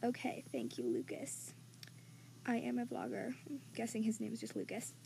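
A woman's voice: a little high, very animated, normal speed, creaky, warm tone. A young woman hosting a podcast, casually reading out listener comments and answering them in a chatty, self-deprecating way, sometimes dropping into a whisper. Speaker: podcast host. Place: home room with vacuum running nearby. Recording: faint household background noise. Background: faint vacuum noise.

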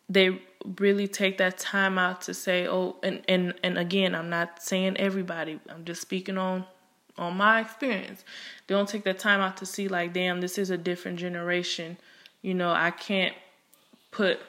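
A woman's voice: on the low side, fairly bright tone. A young woman speaks openly and bluntly about her own life, in a loose, conversational flow. She leans on fillers and restarts, swears without holding back, and pushes hard on the points she cares about. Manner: frank and emphatic, with heavy cursing. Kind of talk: candid personal monologue.

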